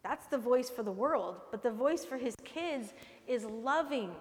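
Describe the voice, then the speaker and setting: High-voiced woman preaching a sermon. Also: animated, a little slow. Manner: warm conversational preaching, often asks "right?". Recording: long hall reverb.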